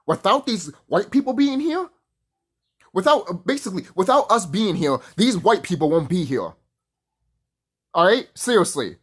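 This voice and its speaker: A man's voice: high voice, big pitch swings, moderate pace, pauses often, a bit bright, slightly rough. A man ranting casually to camera in a profane, heated and rambling way. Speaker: vlogger.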